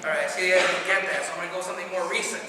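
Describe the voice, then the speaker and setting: Teen boy, stand-up comic, rambling self-deprecating asides, high voice, hollow hall echo. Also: steady tone, racing. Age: teens. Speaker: stand-up comedian. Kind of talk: stand-up comedy set. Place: school auditorium before a live audience. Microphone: distant room recording. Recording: echoey hall recorded from far off, noisy.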